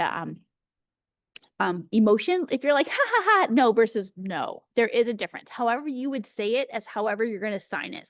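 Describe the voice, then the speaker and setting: A woman in her thirties teaching an early childhood workshop over a video call, chatty and energetic, slowing down to demonstrate words. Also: on the high side, dry recording, clean studio sound. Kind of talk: teaching a live webinar.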